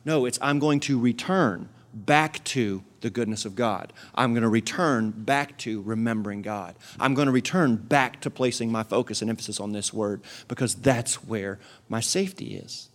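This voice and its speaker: A man preaching a sermon, asking the congregation direct questions and swinging from loud emphatic peaks to quiet earnest asides. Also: medium pitch, moderate pace, few pauses. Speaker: pastor.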